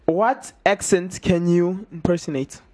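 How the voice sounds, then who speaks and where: High-voiced male radio host, boastful and joking. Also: measured pace, darkish tone. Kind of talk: casual radio chat.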